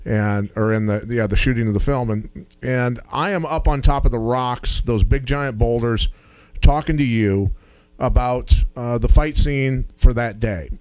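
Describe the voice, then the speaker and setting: A man with a New Jersey accent hosting a talk radio show, enthusiastic and quick to react. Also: medium pitch, a little mellow, clean tone, no room sound. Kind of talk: casual talk radio chat.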